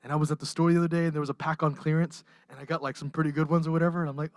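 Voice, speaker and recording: A pastor delivering a livestreamed sermon, impassioned and emotional, rising to near-shouts and dropping to hushed softness. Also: medium pitch, little pitch movement, rapid-fire, few pauses, dry recording, studio quality. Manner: impassioned, swings from raised intensity to hushed softness. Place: church.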